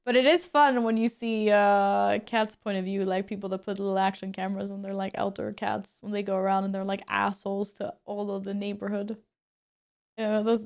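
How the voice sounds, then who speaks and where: A woman's voice: medium pitch, creaky. A young woman streamer chatting casually with her viewers, laughing often and exclaiming as she comments on her cats.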